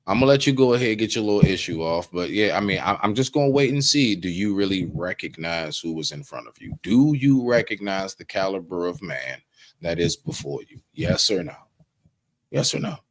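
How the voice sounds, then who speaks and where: A man co-hosting a casual livestream talk, animated, swearing freely and slipping into acted quotes. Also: low-pitched, fairly quick. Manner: swears freely, street slang. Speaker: podcast co-host.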